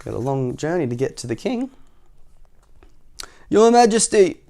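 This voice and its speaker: A man reading a children's picture book aloud as the storytime host. He is animated and playful, often turning to ask young listeners questions. His voice sits in an ordinary middle pitch. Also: fast, creaky.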